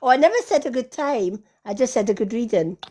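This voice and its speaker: A woman's voice: on the high side, expressive, brisk, dark tone. A woman hosting a live card reading stream, talking in a soothing, affectionate way and calling listeners honey and lovely.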